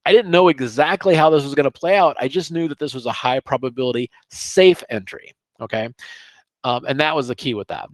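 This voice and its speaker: A middle-aged man teaching trading over charts in a casual, animated way, often checking in with "okay?". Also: medium pitch, fairly quick, no echo. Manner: animated, chatty, sprinkles "okay?" and asides. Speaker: trading educator.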